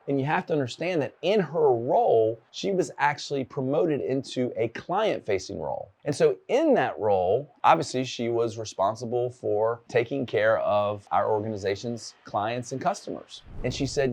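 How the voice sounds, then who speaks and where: A man's voice: mid-range voice, lively intonation, fairly quick, hardly any pauses, a little mellow. Earnest man giving workplace advice. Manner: earnest, candid, urging. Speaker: workplace leadership speaker. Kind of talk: solo advice talk with a personal story.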